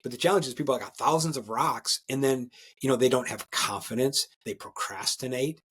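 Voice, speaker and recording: A man talking as a guest coach in a podcast interview, energetic and emphatic, often tagging his points with "right?" and restarting words as he gets going. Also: medium pitch, fairly quick, husky. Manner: repeats and restarts words when excited.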